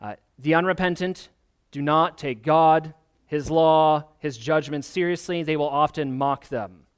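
A man's voice: on the high side, clean tone. A man, a pastor, preaching a sermon in an earnest, emphatic way, often asking the listeners questions.

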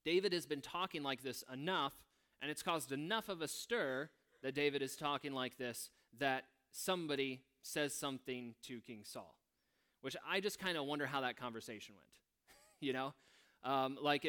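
A man leading a prayer and then teaching a Bible passage in a relaxed, conversational way, musing aloud with wry asides. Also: mid-range voice, moderate pace, clean tone.

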